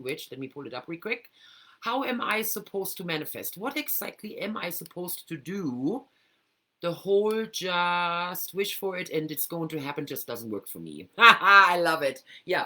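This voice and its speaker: A middle-aged woman from Germany hosts a casual teaching talk from her home computer, animated and acting out inner voices. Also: lowish voice. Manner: animated, acts out inner voices with big swings. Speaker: host.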